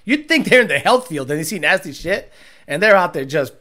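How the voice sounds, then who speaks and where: A man's voice: high voice, sing-song, a little fast, pushed and bright. A young man hosting a casual car-tuning livestream. He answers viewer questions bluntly and profanely, makes jokes, and mocks others in put-on voices.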